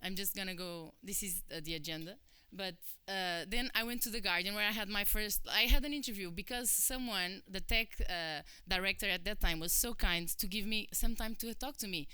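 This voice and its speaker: A woman's voice: mid-range voice, moderate pace, clear, resonant tone, dry recording. A woman in her thirties from Portugal with a Portuguese accent, giving a chatty conference talk and acting out quoted voices. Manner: chatty, animated, acts out quoted voices, many fillers. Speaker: conference speaker. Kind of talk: personal talk to an audience.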